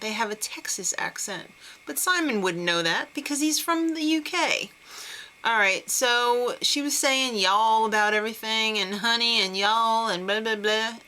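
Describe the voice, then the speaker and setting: A woman's voice: a little high, pushed and bright, a little hiss or hum, low-quality recording. A young woman recapping a TV talent show in a casual, chatty and sarcastic way. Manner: chatty, sarcastic, giggly asides.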